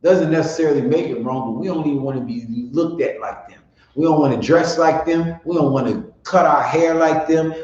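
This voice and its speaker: A man's voice: mid-range voice, a little fast, darkish tone. A man leading a class in a blunt, profane, rambling way. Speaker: teacher. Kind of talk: casual spoken class. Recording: echoey room, dull lo-fi sound.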